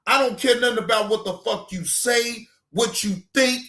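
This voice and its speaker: High-voiced man ranting in an echoey room. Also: normal speed. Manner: heated, profane, often shouting. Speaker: reaction channel host. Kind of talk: ranting commentary.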